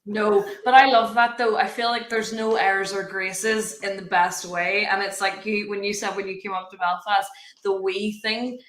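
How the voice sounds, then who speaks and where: A woman's voice: medium pitch, steady tone, moderate pace, fairly bright tone, roomy sound. A woman co-hosting a livestream, chatting in a teasing, enthusiastic way. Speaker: livestream co-host. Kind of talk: casual chat.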